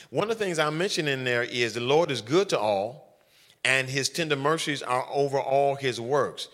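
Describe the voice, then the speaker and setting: A man's voice: medium pitch, bright, forceful tone. A man preaching as a pastor, teaching and reading scripture with frequent "all right" and "watch this" to the congregation. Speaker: senior pastor. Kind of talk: teaching sermon during corporate prayer.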